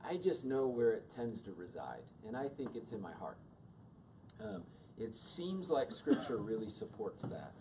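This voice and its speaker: A man's voice: lowish voice, unhurried. Middle-aged guy teaching a class, voice jumps all over, mic kinda far off, little background hiss. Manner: animated, acts out quoted voices. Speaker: teacher leading a class on emotions. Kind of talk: classroom teaching with questions to the audience. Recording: distant mic with faint room noise.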